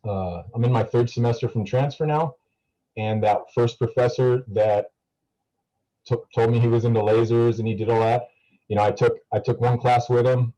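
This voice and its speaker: A man's voice: on the low side, warm tone, highs cut off. A young man talking casually to a class over a video call, rambling with many fillers and restarts. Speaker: student guest speaker.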